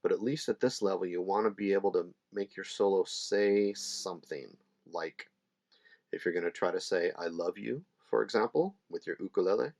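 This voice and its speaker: A middle-aged man teaching ukulele in a relaxed, chatty way, with fillers and small laughs. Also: lowish voice, normal speed. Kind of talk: casual instructional talk. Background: ukulele playing between phrases.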